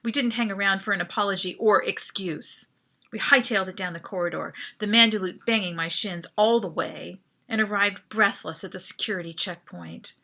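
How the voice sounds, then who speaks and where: A woman author reading her own novel aloud as lively, expressive first-person narration. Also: medium pitch, normal speed, vocal fry.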